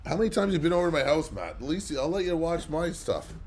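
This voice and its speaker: A man's voice: on the high side, big pitch swings, fast, darkish tone. A man hosting a live comic book auction, chatting casually and rambling with lots of fillers between bids. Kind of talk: casual livestream chat.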